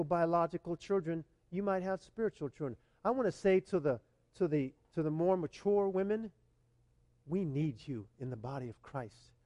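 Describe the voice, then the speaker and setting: A male pastor preaching to his congregation, emphatic, swinging between loud urging and hushed, tender asides and often asking the listeners questions. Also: high-pitched, no echo, studio quality, big-room sound. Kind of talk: sermon.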